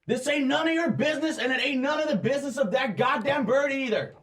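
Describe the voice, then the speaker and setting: Hateful human thugs from a tabletop game, screaming abuse in a high, cracking voice, as a man puts them on. They sound strained and shrill, their shouts running fast and loud. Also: echoey room. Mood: hateful, yelling. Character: hostile male human thugs screaming at a cyborg.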